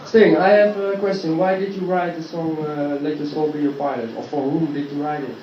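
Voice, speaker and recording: A man from the audience asking a question, earnest and halting. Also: on the high side, steady tone, a little hiss or hum. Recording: distant muffled hall tape.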